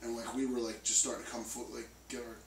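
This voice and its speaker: A man's voice: mid-range voice, flat delivery, fast, vocal fry. Rambling man in a roomy room. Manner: loose, rambling with many fillers. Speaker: band member. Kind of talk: casual interview chat. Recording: roomy, distant mic, faint noise.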